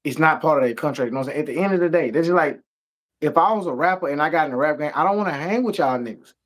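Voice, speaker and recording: A man's voice: fairly high pitch, expressive, racing. Emphatic, profane man ranting. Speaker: podcast co-host. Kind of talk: heated casual discussion.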